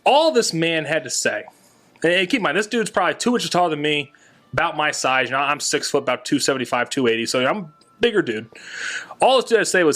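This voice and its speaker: A young man telling a family trip story on a casual podcast, animated and laughing at himself. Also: fairly high pitch, fast talker.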